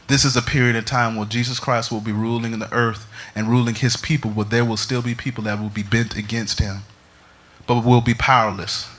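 A man pastor delivering a sermon, mixing scripture with humorous, animated stories. His voice sits in a middle pitch with a bright, forceful, tense edge. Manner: animated, humorous storytelling preacher.

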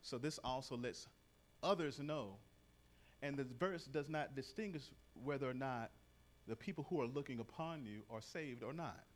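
A middle-aged man preaching a sermon in a relaxed, conversational manner. His voice sits at an ordinary pitch. He reads verses and tells stories with lively energy. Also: moderate pace.

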